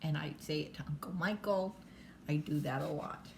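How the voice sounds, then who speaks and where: A woman's voice: deep voice, moderate pace, creaky, darkish tone, slight background noise. An older woman reading a bedtime storybook aloud, stopping for chatty asides to the child listening.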